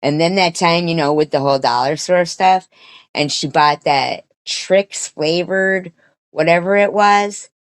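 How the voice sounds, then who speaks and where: Slow-talking woman ranting in a dry room. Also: on the low side, no echo. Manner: rambling, profane, many restarts and quoted voices. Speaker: streamer commenting on another streamer. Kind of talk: casual commentary rant.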